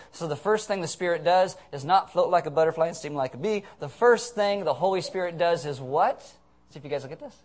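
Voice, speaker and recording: Male pastor, conversational sermon with humor, a bit high-pitched, acts out quotes loudly. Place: church sanctuary.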